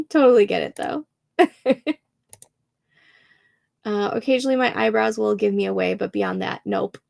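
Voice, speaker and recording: A woman's voice: medium pitch, measured pace, vocal fry, pauses often, a little mellow. A young woman hosting a writing livestream, chatting casually and laughing often as she reads out comments from viewers. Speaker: livestream host.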